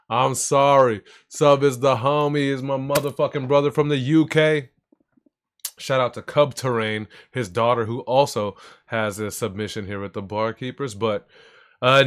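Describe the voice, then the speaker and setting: A man hosting a livestream show in casual chat, loud and profane, shouting greetings to his chat into a desk microphone. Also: medium pitch. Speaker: livestream host. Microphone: desk microphone for streaming.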